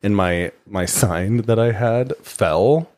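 A young man co-hosting a podcast, telling stories in a lively, animated way and laughing often. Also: fairly low pitch, takes it slowly. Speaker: podcast co-host. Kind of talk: casual chat.

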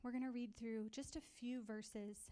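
A woman preaching and sharing a personal testimony, halting and repeating herself, often breaking into tearful crying. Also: a little high, steady tone, warm tone. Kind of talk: sermon.

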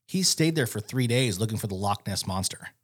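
Male radio personality, somewhat low voice, animated and rambling guest. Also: fairly quick, slightly rough. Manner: animated, rambling storyteller with many fillers. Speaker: radio host and voice actor. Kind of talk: casual chat as a podcast guest.

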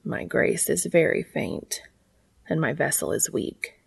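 A woman reading aloud voicing a solemn male angel with a slow, low, rumbling voice. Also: lively intonation, creaky, husky, no echo, full character voice.

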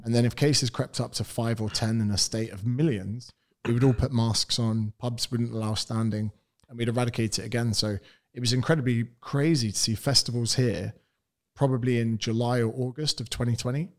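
A man's voice: medium pitch, fairly even intonation, brisk. A man from England, a personal trainer guesting on a podcast, talking bluntly and with strong opinions. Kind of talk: casual interview chat.

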